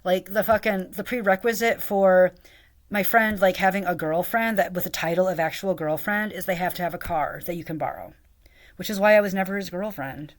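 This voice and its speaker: Speaking a little fast in a lowish voice, a young vlogger rants through a long, meandering story about a friend and her boss. It's full of swearing and plenty of "like".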